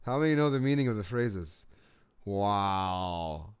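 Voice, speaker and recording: A young man hosts a live comment stream from home, talking in a quick, chatty and excitable way. His voice sits a little low. The sound is close and dry, with no room around it. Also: clean tone, no echo. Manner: excitable, chatty, laughs easily. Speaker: reaction channel host. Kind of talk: casual live chat reacting to comments.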